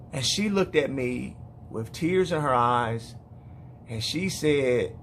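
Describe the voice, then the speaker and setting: A man speaking as a father in an emotional personal monologue, weary and heartfelt, halting with repeated words and restarts. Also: fairly high pitch, lively intonation, a little hiss or hum. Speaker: father speaking to other parents.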